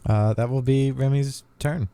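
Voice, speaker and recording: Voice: medium pitch, fairly even intonation, a little slow, warm tone, clear, resonant tone, no echo. A player in a tabletop game calling out dice rolls and checking the rules hesitantly.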